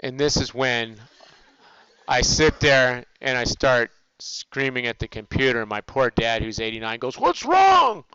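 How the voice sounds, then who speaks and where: Older guy professor talking through quiz answers, bright clear voice, dry dull recording. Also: mid-range voice, flat delivery, unhurried, no room sound. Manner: conversational, asks and answers his own questions. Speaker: accounting professor. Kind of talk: recorded lecture.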